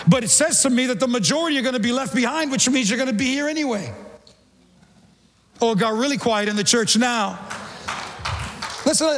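Middle-aged guy preaching in church, really high voice, lots of echo, stumbles and repeats words. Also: a little fast, long pauses. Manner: animated, repeats words, acts out quotes. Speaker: pastor. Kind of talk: sermon. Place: church sanctuary. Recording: long church reverb.

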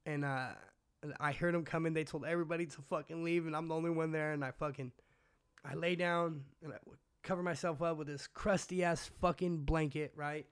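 A man from California tells his story in a loose, rambling way, swearing constantly and dropping slang as he goes. His voice sits a little high for a man. It is an interview, and he is the guest. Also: fairly even intonation, brisk, smooth. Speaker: guest recounting his past. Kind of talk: casual storytelling.

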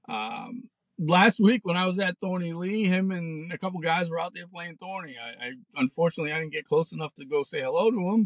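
A man in his forties rants through a casual podcast monologue from a parked car, sarcastic and blunt with lots of profanity. The recording is dry and his voice sits high.

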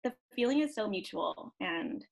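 A woman's voice: mid-range voice, lively intonation, moderate pace, gravelly. A woman speaks as a podcast guest in casual chat. Her voice sits mid-range, and she talks in a heartfelt, gushing way, leaning on fillers. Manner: warm, heartfelt, lots of "um" and "like". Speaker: podcast guest, event host.

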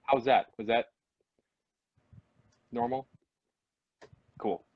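A man's voice: mid-range voice, very slow, no echo, lo-fi sound. A man co-hosting a casual live stream, chatting in a goofy, rambling, playful way. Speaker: podcast co-host.

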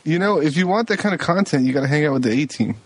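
A man's voice: on the high side, lively intonation, fast talker, breathy edge, no room sound. A man jokes about his own bad luck in a laid-back chat over a card game. His voice sounds close and dry, with no room around it. He keeps the talk light and self-mocking. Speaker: card game podcast co-host. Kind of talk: casual gaming chat.

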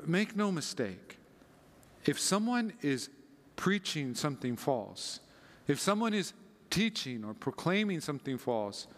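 A man preaching a sermon as a pastor, conversational and animated, acting out quoted passages with dramatic readings. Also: a little high, unhurried, big-room sound.

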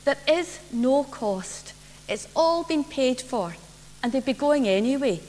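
A woman doing a gentle mum. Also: high-pitched, animated, takes it slowly, pitched above the performer's own voice. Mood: calm. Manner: soothing, reassuring. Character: kind, patient mother, calm and gentle. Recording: reverberant church, faint hum.

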